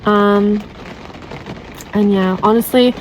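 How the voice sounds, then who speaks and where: A Canadian woman in her twenties vlogs casual, candid, confessional advice in a steady, medium-pitched voice at a slow pace. She's chatty and leans heavily on "like" and "right?", and the low-quality recording has slight background noise.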